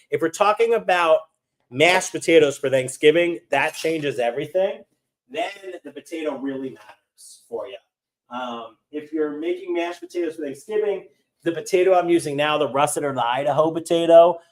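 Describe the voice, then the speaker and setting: An upbeat man hosting a live cooking class, chatting and reading viewer comments as he cooks, eyes teary from cutting onions. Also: medium pitch. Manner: animated, upbeat. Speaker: cooking host.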